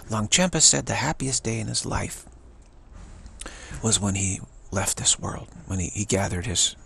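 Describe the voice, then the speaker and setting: A man's voice: on the low side, unhurried, a bit bright, slight background noise. A man giving an emphatic spiritual talk, often repeating and restarting words. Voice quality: gravelly and husky. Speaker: spiritual teacher.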